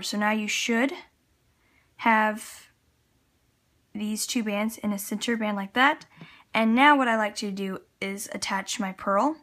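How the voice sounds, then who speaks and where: A woman's voice: a little high, fairly bright tone. A woman with a Canadian accent, chatting casually as she talks viewers through a loom craft step by step. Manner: chatty, talks while working with hands, little laughs. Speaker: loom tutorial host. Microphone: camera on tripod at table.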